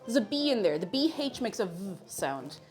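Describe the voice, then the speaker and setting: Playful woman streamer, lively pitch. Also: moderate pace, faint music behind. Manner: playful, giggly, repeats words for fun. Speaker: live streamer. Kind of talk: casual live-stream chat while cooking.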